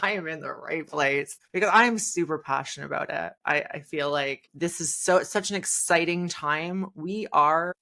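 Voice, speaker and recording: A woman hosting an interview, enthusiastic and effusive, talking in quick bursts. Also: low-pitched, creaky, pushed and bright. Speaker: interview host. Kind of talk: casual interview talk.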